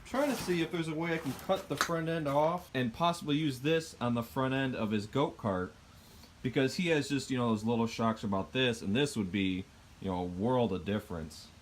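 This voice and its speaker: A man chatting casually as he works on a go-kart in his garage, explaining each step and often pausing with fillers. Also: mid-range voice, slight background noise. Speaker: vlogger building a go-kart.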